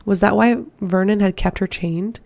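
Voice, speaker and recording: Gravelly, even-toned woman narrator. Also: medium pitch, normal speed. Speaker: audiobook reader. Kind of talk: audiobook narration.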